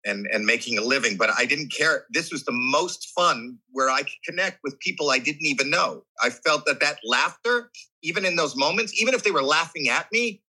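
Animated man in his sixties, sharp husky voice. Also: on the high side, moderate pace, poor audio. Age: 60s. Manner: animated, acts out voices and reactions while recounting; restless, frequent restarts and repeated words. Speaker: guest. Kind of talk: candid storytelling conversation.

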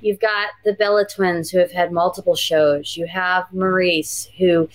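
A woman's voice: on the low side, little pitch movement, measured pace, no echo, low-quality recording. A woman guest on a podcast, reflecting in casual interview chat with frequent restarts and fillers. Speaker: podcast guest, pro wrestler.

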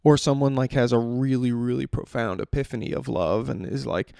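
Male podcast host, loose profane monologue, gravelly fry, dry sound. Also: medium pitch, a little fast, few pauses, dark tone, no echo. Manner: rambling, profane, self-interrupting. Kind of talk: casual solo podcast monologue.

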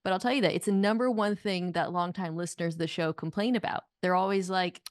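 A woman with a slightly low voice, chatting casually as a podcast guest. She tells her stories with a wry, understated edge. Her mic sound is close and dry, with no room around it. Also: fast, dry recording. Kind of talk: casual chat.

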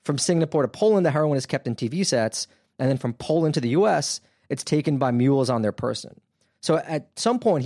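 A man's voice: mid-range voice, no echo. Conversational man with a dry sound. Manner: animated, conversational with frequent fillers. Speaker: podcast host. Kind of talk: casual storytelling.

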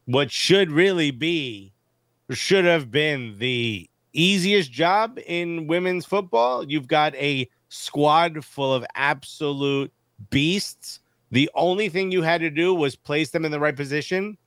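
Animated joking man on a podcast. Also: on the high side, slow, no room sound, clean studio sound. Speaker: podcast co-host. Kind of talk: casual sports podcast chat.

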